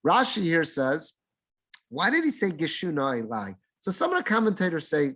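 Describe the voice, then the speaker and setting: Rabbi, middle-aged, higher-pitched man, teaching a Torah class and acting out the quotes. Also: wildly swooping pitch, moderate pace, fairly bright tone. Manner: explains Hebrew verses in English, acting out speakers' lines.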